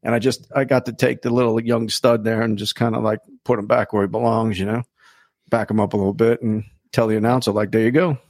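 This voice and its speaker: A man hosting a podcast, telling a story in a casual, animated way, swearing freely and acting out the people he quotes. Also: on the low side, fast, dry recording, clean studio sound. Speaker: podcast host.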